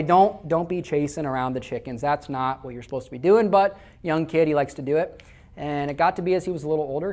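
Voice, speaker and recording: A man's voice: fairly high pitch, creaky. Conversational man preaching a sermon. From Iowa, USA. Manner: conversational storytelling, repeats words when starting phrases. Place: church before a live congregation.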